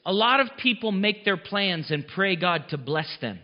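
A man's voice: high-pitched, lively intonation, normal speed. A pastor preaching a sermon in a conversational, emphatic way, chuckling at his own lines. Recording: long reverb, dull muffled sound.

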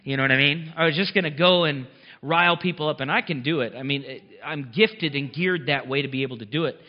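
Male pastor, high voice, chatty emphatic preaching style; long hall reverb. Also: fast talker. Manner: conversational, emphatic preaching, laughs at own lines. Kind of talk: sermon. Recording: long reverb, dull muffled sound.

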